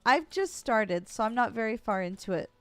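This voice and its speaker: A woman's voice: a little high, animated, normal speed, a bit bright, no echo. A woman streamer giving playful, chatty commentary while playing a video game. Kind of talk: casual gameplay commentary.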